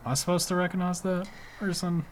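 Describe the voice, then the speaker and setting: A man's voice: sits high, little pitch movement, brisk. A man casually playing a video game and thinking aloud with a friend in an easygoing way. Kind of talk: casual gameplay chat.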